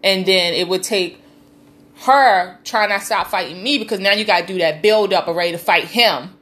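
A woman's voice: mid-range voice, normal speed, a bit bright. A woman breaking into the conversation to add her own side of the story, teasing and profane. Her voice sits in a middle register, and she talks loosely, like family chatting. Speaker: podcast co-host. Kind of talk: casual chat.

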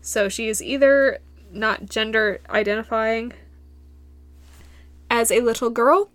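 Giggly rambling woman, bright dry voice. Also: fairly high pitch, slow pace, no room sound. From Michigan. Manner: giggly, rambling, goes off on tangents. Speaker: podcast host. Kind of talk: solo podcast recap, casual chat.

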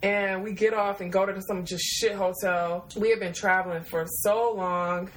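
A woman, telling a travel story in a casual, rambling way. She swears freely and laughs often. Her voice sits at a middle pitch for a woman. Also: steady tone, moderate pace, low-quality recording. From Detroit, USA.

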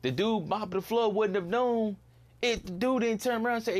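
A man's voice: sits high, moderate pace. Blunt, exasperated young man ranting. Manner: blunt, exasperated, repeats himself, swears freely. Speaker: podcast host. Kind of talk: casual solo commentary.

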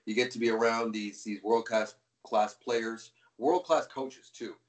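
Rambling hockey broadcaster telling stories. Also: male voice, on the low side, a little slow, echoey room. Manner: relaxed, rambling with frequent restarts. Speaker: hockey play-by-play broadcaster, guest. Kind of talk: anecdotal interview storytelling.

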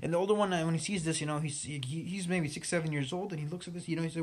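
A man's voice: fairly high pitch, fairly even intonation, very fast, hardly any pauses. A man casually retelling a sad film plot, rambling, with many fillers and restarts.

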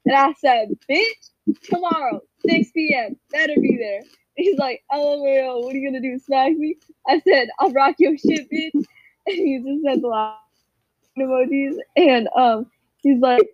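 High-voiced teen girl, animated storytelling. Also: no echo. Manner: animated, acts out quotes, frequent laughs. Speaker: friend telling a story. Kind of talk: casual group chat storytelling. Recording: dull, dry lo-fi call audio.

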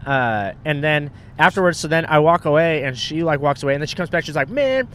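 A comedian on a road-trip podcast, animated and profane, acting out other people's lines in a high voice. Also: male voice, fast, a little hiss or hum. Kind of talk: casual road-trip storytelling.

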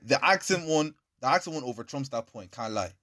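A man's voice: medium pitch, fairly quick. A young man with an Irish accent, co-hosting a podcast and pressing his point in casual banter. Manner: animated, argumentative, keeps pressing his point. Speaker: podcast co-host. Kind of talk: casual banter among friends.

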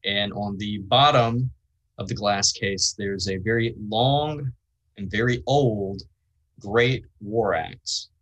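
A man narrating a tabletop game as the game master, describing a scene slowly and with frequent ums. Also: lowish voice, a bit bright, highs cut off.

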